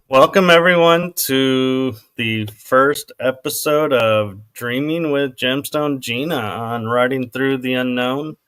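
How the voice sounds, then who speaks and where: A male host opens a live stream in a relaxed, easygoing way. He speaks slowly, and his voice is smooth and clear in a dry recording. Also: medium pitch, dry recording. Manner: slow and easygoing. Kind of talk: casual livestream hosting.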